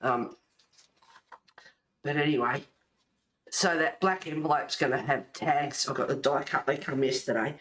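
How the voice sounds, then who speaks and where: A woman's voice: rumbling low, measured pace, pauses often, fairly bright tone, slight background noise. Rambling, chatty woman. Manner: rambling, chatty, laughs often. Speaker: colouring and junk-journal vlogger. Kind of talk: casual chat showing crafts. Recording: echoey room.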